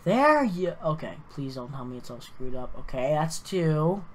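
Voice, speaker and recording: A woman's voice: low voice, lively intonation, a little slow. A tired woman streaming a racing game, swearing as she struggles with a scoring program and sorts standings. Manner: frustrated, profane, muttering then shouting. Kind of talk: live stream commentary.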